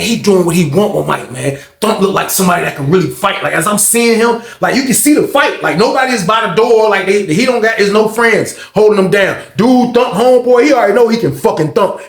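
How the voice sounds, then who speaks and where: A man telling a story casually, animated and profane, acting out scenes with sound effects. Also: high voice, echoey room.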